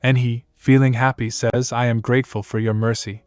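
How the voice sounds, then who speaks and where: A man narrates a manhwa story recap in a steady, mid-pitched voice, reading every character's lines in the same even delivery. Faint music plays underneath. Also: brisk, clean tone, dry recording.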